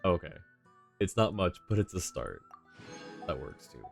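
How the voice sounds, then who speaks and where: A male game streamer with a low voice, chatting casually and rambling as he plays. He laughs often, and there is faint music under his talk. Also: sing-song, a little slow, gravelly. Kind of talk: casual live-stream gaming commentary.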